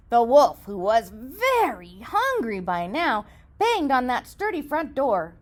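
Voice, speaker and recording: A woman reading a children's story aloud in an expressive, sing-song storytelling manner. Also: high voice, a little slow.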